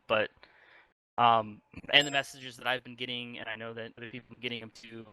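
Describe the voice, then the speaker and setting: A community leader with a medium-pitched, sharp voice runs a casual online town hall through a voice chat mic, and the audio is poor. His delivery rambles, packed with fillers and false starts.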